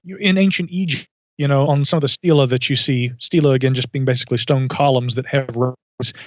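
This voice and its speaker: A man as a podcast guest, telling a story in a thoughtful, measured way with asides and self-corrections. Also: mid-range voice, steady tone, no room sound. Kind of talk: reflective storytelling in conversation. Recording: dull lo-fi audio.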